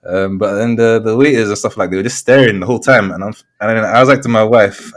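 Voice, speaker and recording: A man's voice: lowish voice, fast talker, few pauses. A young man, co-hosting a podcast in casual chat, telling stories animatedly with frequent laughs and restarts. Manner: animated storyteller, laughs often, many restarts. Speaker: podcast co-host.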